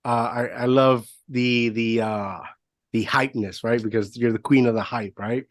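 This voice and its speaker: A man's voice: mid-range voice, steady tone, moderate pace, no room sound. A male podcast host with a mid-range voice talks with keen enthusiasm. He stumbles often and repeats his words. The recording is dry and close, with no room around it. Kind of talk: casual interview chat.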